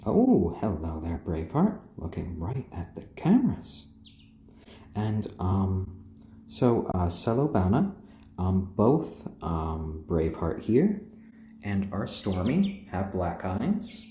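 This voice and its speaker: A man hosting a casual live stream, talking in a soft, slow, soothing voice to keep his chickens calm while he reads out viewer comments. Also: deep voice, a little hiss or hum. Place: indoors, roomy. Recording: roomy echo.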